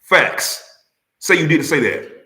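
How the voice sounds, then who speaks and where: A man hosts a live stream, needling his callers and pressing the same question again and again. His voice is bright and lively, rising and falling a lot. The sound is echoey, like a bare room. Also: a little high, slow pace. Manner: teasing, insistent, repeats questions, laughs loudly. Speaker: livestream host. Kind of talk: heated football banter on a live stream.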